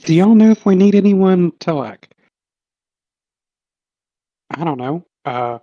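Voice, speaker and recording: A man's voice: high voice, expressive, takes it slowly, dry recording, muffled recording. A man playing a tabletop game, rambling and joking. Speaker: player.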